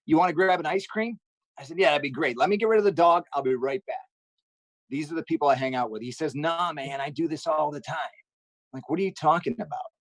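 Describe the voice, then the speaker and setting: Brief: male stand-up comic, upbeat storyteller, slightly high voice, dry close sound. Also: no room sound, rough recording. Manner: upbeat, jokey storytelling with quick asides. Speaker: stand-up comedian. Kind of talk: stand-up comedy set on a charity livestream.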